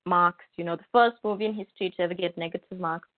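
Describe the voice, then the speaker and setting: A woman with a fairly low pitch talks at a quick pace as a podcast co-host, casually chatting and bringing her stories to life by acting out quotes. No room sound is audible, but the line is tinny and phone-like.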